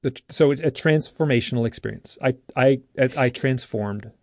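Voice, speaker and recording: A man, an author and interview guest, telling a story in an earnest, lively way, often restarting his sentences. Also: medium pitch, moderate pace, dry recording, clean studio sound. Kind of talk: animated storytelling.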